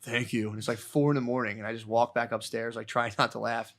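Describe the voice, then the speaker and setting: A man on a podcast spins a rambling, foul-mouthed story, jumping into the voices of the people in it. His voice sits at an ordinary middle pitch, and his talk is loose and conversational. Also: little pitch movement, quick pace, a bit bright. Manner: rambling, profane, acts out quotes. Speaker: podcast co-host. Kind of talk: casual storytelling chat.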